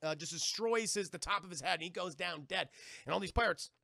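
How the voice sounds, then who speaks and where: A young man streamer casually recapping a movie to live chat in a profane, rambling, animated way. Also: high-pitched, brisk, creaky, no room sound, clean studio sound.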